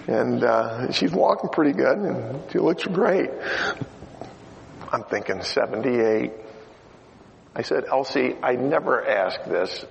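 A middle-aged man preaching a sermon, telling stories and swinging from loud exhortation to quiet asides. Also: mid-range voice, creaky. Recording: dull lo-fi sound in a reverberant hall.

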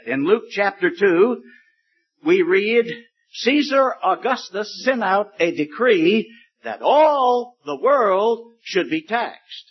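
A man preaching a sermon, slow and deliberate, stretching words for emphasis. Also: high voice, slightly rough. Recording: dull lo-fi recording.

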